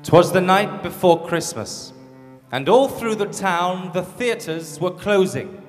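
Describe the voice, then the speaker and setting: A man narrating comic verse on stage in a measured storytelling manner, in a church with reverb and faint music. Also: sits high, lively intonation.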